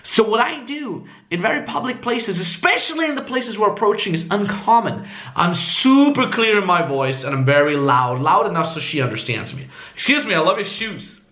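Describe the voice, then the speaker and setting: A man coaching in casual talk, animated, swearing freely and acting out different tones with high squeaky swoops. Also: normal speed. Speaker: dating coach.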